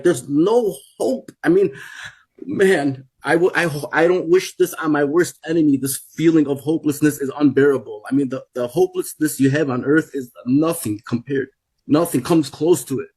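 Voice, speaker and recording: A man's voice: on the high side, a little mellow, husky. A man in his forties telling a personal testimony in an emphatic way that keeps repeating itself. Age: 40s. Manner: emphatic, repetitive storytelling. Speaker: guest giving a testimony.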